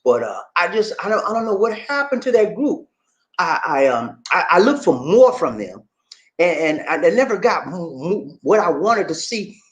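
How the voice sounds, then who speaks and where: A man's voice: very animated, normal speed. A man hosting a casual livestream, reading out viewer comments in a laid-back way, calling people "man" and "buddy" and laughing often. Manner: pitch swings widely between low asides and high exclamations. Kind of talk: casual live chat.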